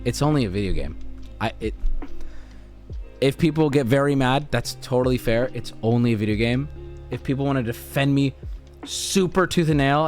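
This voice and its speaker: A man's voice: mid-range voice, moderate pace. Laid-back American male streamer, mid-range voice, rambling casual chat with faint music under it. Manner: rambling, laid-back, often restarts and laughs mid-sentence.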